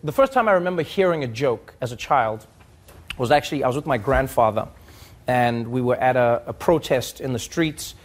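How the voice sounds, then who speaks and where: A man telling a comic story in a loose, animated way, full of asides. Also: mid-range voice, moderate pace. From South Africa. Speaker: host. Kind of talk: comedic storytelling.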